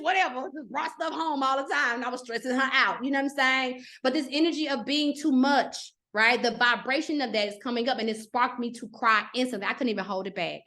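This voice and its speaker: Middle-aged woman, astrology teacher, high-pitched, chatty and animated, checks in with the class constantly. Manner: chatty, animated, acts out quotes, frequent "okay?" check-ins. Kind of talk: live class, casual teaching.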